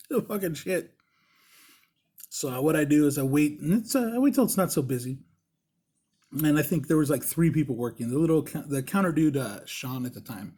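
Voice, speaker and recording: A man telling a casual, profane story as a podcast host, laughing as he goes and shouting the lines of the people in it. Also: mid-range voice, breathy edge. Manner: heavy swearing, laughs while telling; shouts in mock-angry voices for quoted people.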